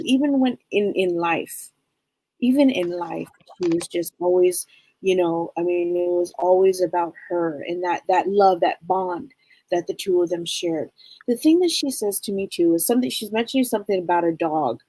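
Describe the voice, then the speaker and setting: A woman co-hosting a live show as a psychic medium, gently relaying messages and often searching for her words. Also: fairly low pitch, animated, normal speed, breathy edge, no room sound, low-quality recording.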